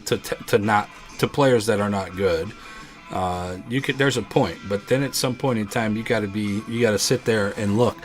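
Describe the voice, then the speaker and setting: A man's voice: on the low side, normal speed, soft background music. Man hosting a casual gaming podcast. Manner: rambling, animated storytelling with many restarts. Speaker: podcast host.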